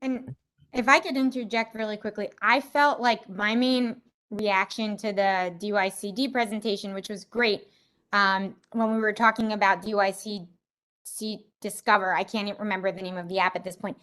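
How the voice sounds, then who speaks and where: A woman's voice: medium pitch, fairly even intonation, normal speed, a bit bright. Chatty woman running an online meeting. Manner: chatty, self-deprecating humor. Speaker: meeting facilitator. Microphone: video call.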